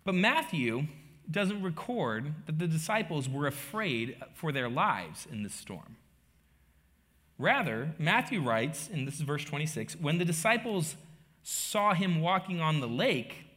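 A middle-aged man, a pastor preaching a sermon, telling the story with rhetorical questions and swinging between quiet asides and loud emphasis. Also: fairly high pitch, sing-song, a little slow.

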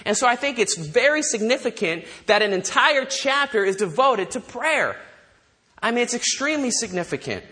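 A man preaching a sermon, animated, asking his listeners rhetorical questions. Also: extremely high pitch, normal speed. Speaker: pastor.

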